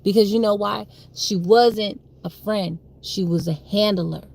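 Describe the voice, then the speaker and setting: A woman's voice: medium pitch, a little slow, vocal fry, darkish tone. A young woman telling a personal story on a livestream, emphatic and repetitive, with frequent swearing. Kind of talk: livestream monologue.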